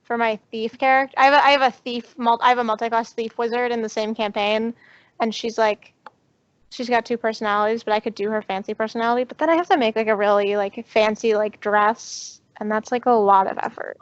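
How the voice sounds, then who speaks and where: A woman's voice: a little high, steady tone, a little fast, clear, resonant tone, no echo. A woman co-hosting a podcast, chatting eagerly and repeating herself as she goes. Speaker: podcast co-host. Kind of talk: casual chat. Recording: dry, dull lo-fi sound.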